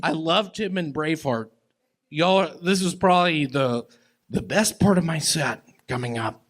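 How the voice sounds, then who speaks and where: Man, high pitch, slow drawling delivery, absurd rambling stand-up, stage mic. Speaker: stand-up comic guest. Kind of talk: stand-up and banter on a comedy podcast. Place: comedy club stage.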